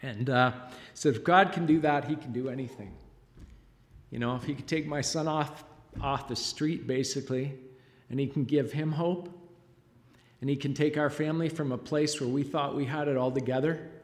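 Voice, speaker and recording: A middle-aged father giving an emotional church testimony, halting and choked up, with frequent pauses and fillers. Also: medium pitch, fairly even intonation. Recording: long reverb of a large hall.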